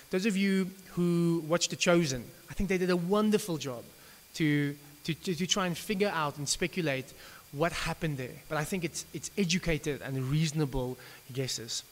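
A man preaching in a slightly high voice, casual and conversational, tripping over words and restarting sentences as he thinks aloud. His voice rings in a long hall reverb over a faint hiss. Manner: conversational, with frequent stammered restarts. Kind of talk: evening sermon.

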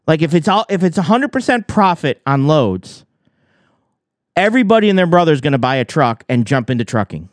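A man's voice: on the high side, very animated, fairly quick, no echo, clean studio sound. A man giving heated commentary on trucking, arguing with rhetorical questions. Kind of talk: reaction commentary.

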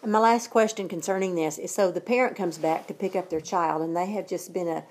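A woman's voice: on the low side, fairly even intonation, fairly quick. A woman host asking questions and affirming her guest's points. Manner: affirming, frequent agreement. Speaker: host, interviewer. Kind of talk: interview questions.

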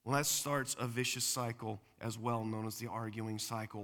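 A man in his forties preaching a sermon as pastor, swinging between loud emphatic points and quiet low passages. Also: moderate pace, few pauses. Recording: long hall reverb.

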